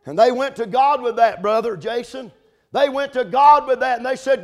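Man, high pitch, sermon, impassioned, repetitive, addresses congregants. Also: lively intonation, moderate pace. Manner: impassioned, building to shouted climaxes; repetitive, with restarts and asides to congregants by name. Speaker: preacher.

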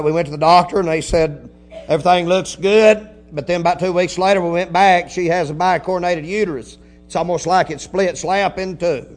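A man preaching a folksy sermon, telling a story quietly, then building to shouted preaching with hallelujahs. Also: high-pitched. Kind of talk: Pentecostal-style sermon.

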